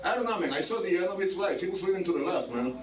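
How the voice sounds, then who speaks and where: A man's voice: sits high, animated, rapid-fire, far from the mic. A man doing a stand-up set at a bar open mic, rambling and swearing, filling lines with "like" and "man". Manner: profane, rambling, repeats "man" and "like". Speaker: stand-up comedian. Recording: roomy bar from afar, crowd noise.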